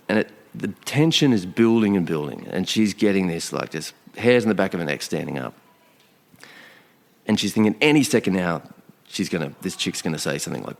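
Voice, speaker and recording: A man telling a long story in a casual, animated way, acting out the quoted thoughts of the people in it. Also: sits low, brisk, gravelly. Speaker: podcast guest. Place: outdoor location.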